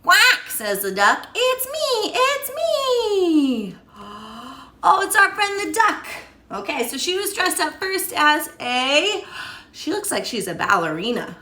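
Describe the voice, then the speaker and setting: A woman's voice: high-pitched, very animated, moderate pace, bright, forceful tone. A woman guiding a children's yoga class with a storybook, in a playful, encouraging, sing-song way. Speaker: kids yoga teacher. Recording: echoey room, voice from a distance.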